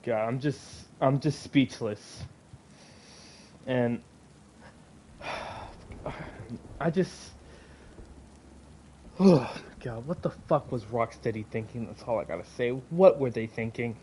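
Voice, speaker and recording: A man's voice: mid-range voice, slow, long pauses, dark tone, a little hiss or hum. Angry swearing male gaming vlogger. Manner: sighs often, swears, drops to mutters between outbursts. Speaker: gaming and comics channel host. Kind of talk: angry profane rant to camera.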